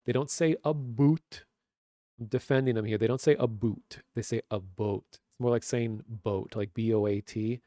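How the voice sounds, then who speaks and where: A man's voice: medium pitch, fairly even intonation, normal speed, dark tone, dry recording, studio quality. A man in his thirties with a Minnesotan accent, chatting casually on a webcam stream and rambling with lots of fillers. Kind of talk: casual chat. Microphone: webcam stream mic.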